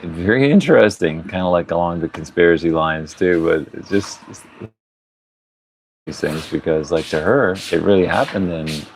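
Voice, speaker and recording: A man's voice: low-pitched, normal speed, slight background noise. A man hosting a casual livestream podcast outdoors, rambling and chuckling often as he talks. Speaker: podcast host. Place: outdoors at a tiny home under construction, pigs nearby.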